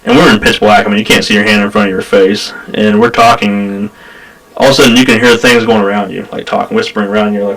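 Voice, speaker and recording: A man hosting a paranormal show, telling a story in animated casual chat. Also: lowish voice, fast, creaky, low-quality recording. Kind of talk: casual chat on a live stream.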